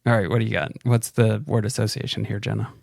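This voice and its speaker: A man co-hosting a casual podcast, tossing out playful guesses and quick wisecracks. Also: on the low side, fairly even intonation, gravelly, a crowd in the background. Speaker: podcast co-host.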